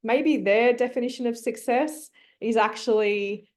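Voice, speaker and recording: A woman's voice: a little high, unhurried. Woman, teacher, online class, coaxing, thinks aloud, computer mic.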